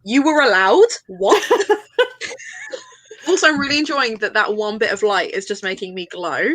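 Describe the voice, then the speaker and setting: A woman's voice: medium pitch, expressive, normal speed, a bit bright, a little hiss or hum, low-quality recording. A Scottish woman in a casual video call chat, enthusiastic and teasing.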